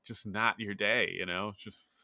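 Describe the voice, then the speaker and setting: Guy talking golf casually, lots of likes and you knows, bright tone. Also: on the low side, steady tone, moderate pace, dry recording, clean studio sound. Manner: rambling, lots of filler words. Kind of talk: casual chat about golf.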